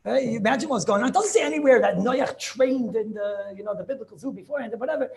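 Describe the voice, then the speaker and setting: A man with telling a Torah story as a rabbi, acting out the characters in an animated way. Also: fast talker, gravelly. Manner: animated, acts out characters with shifting pitch.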